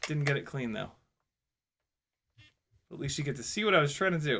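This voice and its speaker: Excitable young man narrating his drone flying. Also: fairly high pitch, brisk, long pauses. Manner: excitable, laughs and exclaims often, swears casually. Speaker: FPV drone pilot and video host. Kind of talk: casual running commentary while flying.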